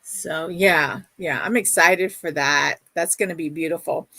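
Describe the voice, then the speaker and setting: A woman's voice: deep voice, a little slow, gravelly, pushed and bright, dry recording. A middle-aged woman hosting a casual livestream, chatting and reading viewer comments aloud in a gushing, affectionate way. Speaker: livestream host.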